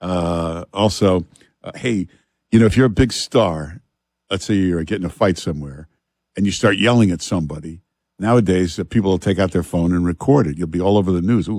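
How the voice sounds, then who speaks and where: Radio host, man, lowish voice, relaxed halting delivery full of "uh", dry studio sound. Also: breathy edge, dry recording. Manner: relaxed, halting, many "uh" fillers. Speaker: fill-in radio talk show host. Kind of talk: talk radio chat and live ad read. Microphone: studio microphone.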